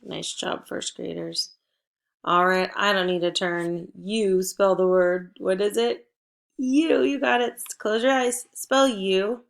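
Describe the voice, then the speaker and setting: Slow-paced teacher woman with a creaky voice. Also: medium pitch, fairly even intonation. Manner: slow, clear prompting with pauses. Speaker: first grade teacher. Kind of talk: phonics lesson for children.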